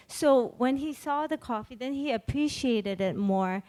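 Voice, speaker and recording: Lively woman chef on a panel. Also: high-pitched, moderate pace. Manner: lively, acts out quoted dialogue. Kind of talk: panel storytelling.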